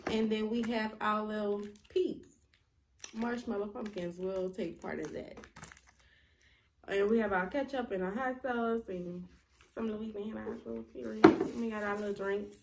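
A woman co-hosting a casual eating vlog, chatty and drawn-out when she explains. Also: medium pitch, gravelly, slight background noise. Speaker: co-host. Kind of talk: casual mukbang chat.

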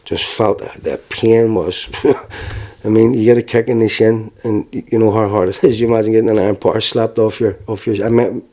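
Belfast man, 40s, interviewee; low, warm voice, frank and halting. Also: steady tone. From Northern Ireland. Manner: frank, plain-spoken storytelling with halting restarts. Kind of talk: personal testimony.

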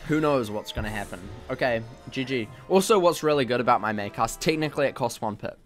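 With a medium-pitched, expressive voice and a quick pace, this gaming channel host gives lighthearted commentary on his video game. He mocks himself and reacts loudly to events while soft music plays underneath.

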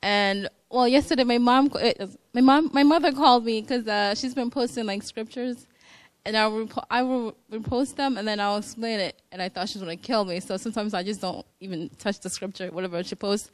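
A woman sharing a story at a church gathering into a handheld microphone, talking excitedly and rambling with many "like"s. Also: a little high, brisk, dry recording. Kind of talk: casual testimony. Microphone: handheld microphone passed around.

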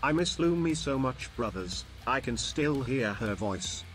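Woman doing a gloomy deep-voiced male fan. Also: animated, a little slow, loud music behind the voice, poor audio. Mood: mournful.

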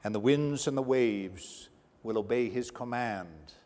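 A male pastor preaching a sermon with dramatic swings between hushed and raised delivery. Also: medium pitch, unhurried. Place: church sanctuary. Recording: long church reverb.

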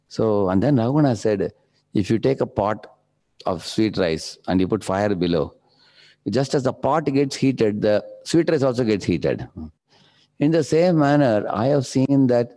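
Male lecturer, low mellow voice, story-driven devotional talk with constant "huh?" check-ins. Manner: frequent "huh?" checks with the audience. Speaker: spiritual lecturer.

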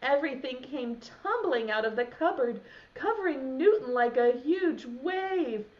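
A young woman preschool teacher reads a picture book to little children, pausing to ask them questions. Her voice is high and swoops widely in pitch as she reads slowly. The recording sounds dull and lo-fi. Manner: animated, asks children questions. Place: home, video lesson.

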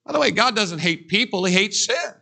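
A man's voice: high voice, lively intonation, fairly quick, creaky, pushed and bright. A man pastor preaching a sermon in a church, emphatic and drilling points with call-and-response. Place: church sanctuary.

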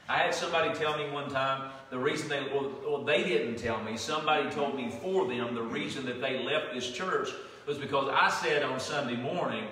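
A man's voice: medium pitch, a bit bright, distant mic. Southern preacher man in an echoey hall. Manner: folksy, conversational preaching with restarts. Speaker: pastor. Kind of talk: sermon. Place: church sanctuary.

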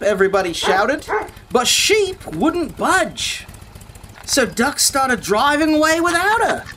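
A woman's voice: high-pitched, sing-song, slow, fairly bright tone, a little hiss or hum. Playful woman reading a picture book aloud. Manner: playful, jokey asides. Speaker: storyteller. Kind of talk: children's read-aloud.

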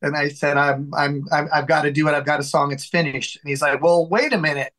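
A man being interviewed in his home studio, telling a long story with lively acted-out dialogue and many restarts. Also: on the high side, a little fast, poor audio. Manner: animated storyteller who acts out quoted dialogue; frequent restarts and repeated words. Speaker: guest, singer and songwriter.

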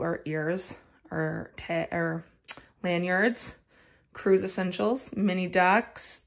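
Chatty vlogging woman with a gravelly edge. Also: medium pitch. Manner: chatty and excitable, rambling lists with fillers. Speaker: family vlogger. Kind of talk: casual vlog narration. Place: at home.

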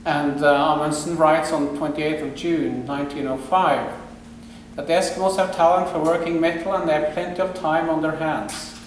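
A man giving a measured lecture, explaining and quoting from a diary. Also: on the high side, fairly even intonation, far from the mic, a little hiss or hum. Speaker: museum director giving a lecture. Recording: echoey hall, voice off-mic.

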